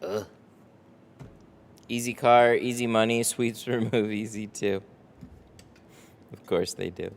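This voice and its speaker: A man's voice: on the low side, fairly even intonation, slow pace, gravelly, long pauses. Tired, rambling man live-streaming. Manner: rambling, reads chat aloud, swears casually. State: tired, no coffee. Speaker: window tint shop owner streaming live. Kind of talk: casual live-stream chat.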